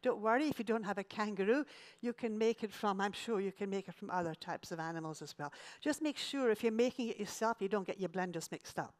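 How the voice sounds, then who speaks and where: A woman talks through a slide-show travel lecture at a medium pitch. She keeps it chatty and slips in dry jokes at her own expense. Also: brisk. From Scotland.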